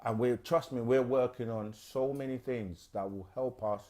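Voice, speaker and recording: A man hosting a live question-and-answer stream, explaining things in a loose, unhurried way with plenty of fillers. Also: medium pitch, a little mellow. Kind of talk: casual explanatory talk.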